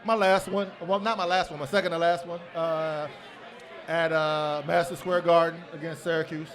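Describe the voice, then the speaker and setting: Man, podcast guest, ex-basketball player, high voice, playful and laid-back, casual chat in a restaurant. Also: little pitch movement, normal speed, fairly bright tone, a faint crowd. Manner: laid-back, playful, talks over the host. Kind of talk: casual interview. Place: restaurant, live podcast taping.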